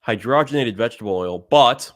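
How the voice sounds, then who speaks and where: A man's voice: mid-range voice, expressive, a little fast, a bit bright, no room sound. A man co-hosting a casual podcast, blunt and teasing, reading labels aloud with dry remarks. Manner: blunt, teasing, reads ingredient lists aloud. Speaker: podcast co-host.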